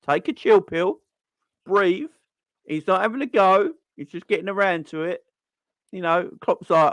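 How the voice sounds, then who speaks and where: A man hosting a casual fan live stream, rambling and excitable, full of slang and shout-outs. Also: high voice, moderate pace, dry recording. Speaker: fan channel host.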